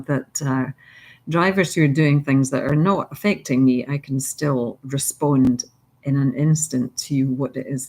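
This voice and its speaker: A woman hosting a daily mindfulness reading, who guides the listener through breathing in a soft, unhurried way and then reflects casually. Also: rumbling low, low-quality recording. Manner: soft, unhurried, gently guiding.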